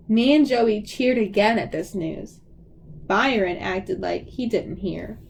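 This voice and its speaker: A woman reading a novel aloud in an expressive voice, giving the characters' lines their own voices. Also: unhurried, gravelly. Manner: expressive, shifts pitch for emphasis. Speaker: audiobook reader.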